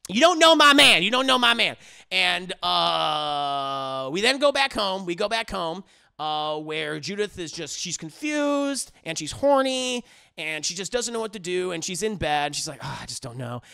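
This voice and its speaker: Gravelly, excitable man recapping a movie. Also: high-pitched, a little slow. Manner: animated, profane, rambling. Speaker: movie reviewer.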